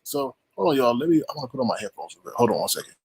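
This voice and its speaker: A man's voice: medium pitch, big pitch swings, very fast, darkish tone, husky, no room sound. A man hosting a casual livestream, talking loosely to his chat, repeating himself and greeting viewers. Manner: loose, repetitive, talks straight to chat. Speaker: livestream host.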